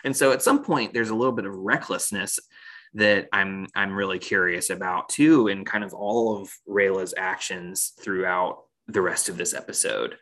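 A man's voice: sits low, normal speed, fairly bright tone. A man co-hosting a casual discussion of a cartoon series, thinking aloud and laughing often. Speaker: podcast co-host.

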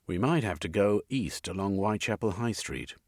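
Brief: man playing a low, husky, polite, nervous gentleman for an audiobook. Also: animated, moderate pace, no room sound, studio quality. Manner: polite, formal, slightly hesitant. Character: genteel, nervous gentleman hero.

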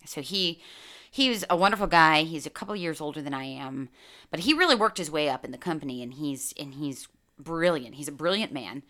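Bright-voiced woman telling a blunt story. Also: low-pitched, fairly quick. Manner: animated, swearing freely, laughs through her story. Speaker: podcast host. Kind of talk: candid storytelling monologue.

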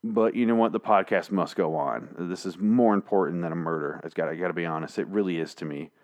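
A man's voice: deep voice, fast talker. Rambling, cussing male podcast host. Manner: rambling, profane, jokey. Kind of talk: casual solo podcast recap. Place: small studio. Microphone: headphones on, studio mic.

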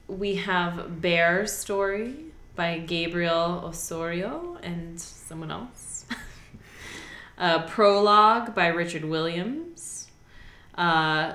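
A woman's voice: fairly low pitch, fairly bright tone. A woman in casual chat about film awards, talking with many fillers and laughing often. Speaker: podcast co-host. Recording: echoey room with faint noise.

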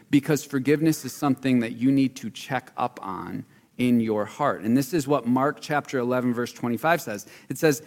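A man preaching a sermon as pastor, animated and emphatic, talking conversationally with many fillers. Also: mid-range voice. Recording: long reverb in a large hall.

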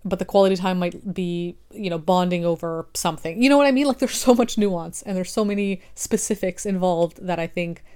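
A young adult woman with a fairly low voice speaks in a casual reflective monologue. She restarts sentences often and works through her ideas out loud, like a creator talking to her followers. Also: fairly quick, hardly any pauses, clean tone. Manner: rambling, restarts and fillers, talks through thoughts aloud. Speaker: online content creator.

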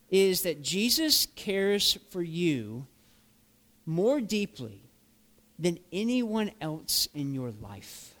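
High-voiced, unhurried male preacher. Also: a bit bright. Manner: earnest preaching with rhetorical questions. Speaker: pastor. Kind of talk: sermon.

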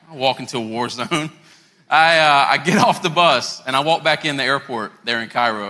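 A man's voice: mid-range voice, normal speed, bright, forceful tone. A man in his thirties preaching a sermon as a pastor, telling a story in a conversational way and speaking straight to the congregation. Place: church sanctuary. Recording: long hall reverb with faint music.

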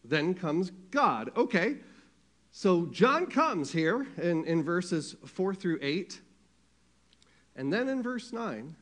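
A man delivers a sermon in a conversational way. His voice sits a little high for a man, and he keeps checking in with the congregation through questions. He leans hard on key phrases, then drops to a near hush. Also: big pitch swings, slow pace, pauses often. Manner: conversational preaching, asks the congregation questions, swings from loud to hushed. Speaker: pastor.

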